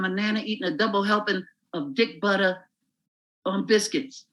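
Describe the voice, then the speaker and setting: A man, a comedian, telling a crude, animated story while chatting as a podcast guest. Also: high-pitched, moderate pace, poor audio.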